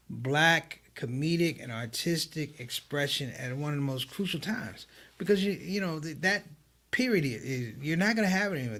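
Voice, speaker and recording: Animated storytelling male comedian. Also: on the high side. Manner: storytelling, animated, quotes others in a raised voice. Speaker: comedian guest. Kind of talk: livestream conversation.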